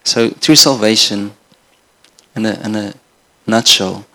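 A man's voice: fairly low pitch, slow, pushed and bright. A middle-aged man from Namibia preaching a sermon in an earnest, conversational way. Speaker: pastor.

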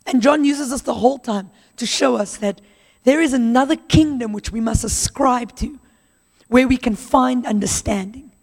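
A woman's voice: a little high, normal speed, darkish tone. A woman preacher giving a conversational sermon in a church, acting out the Bible characters' dialogue as she retells it. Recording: long hall reverb.

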